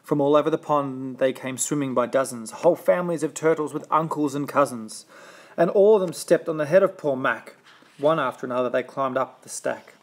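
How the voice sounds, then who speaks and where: A man's voice: mid-range voice, fairly quick. A man reading a rhyming children's storybook aloud with a rhythmic, sing-song delivery.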